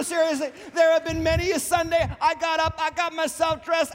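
A middle-aged male pastor preaching a sermon in an animated, joking way, with sarcastic asides. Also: very high-pitched, fairly quick, hardly any pauses, in a large hall. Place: church sanctuary.

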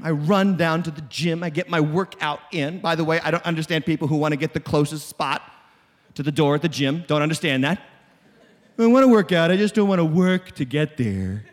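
A male pastor preaching emphatically, often rising to shouts and calling on the congregation to respond. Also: a little high, in a large hall. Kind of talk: sermon.

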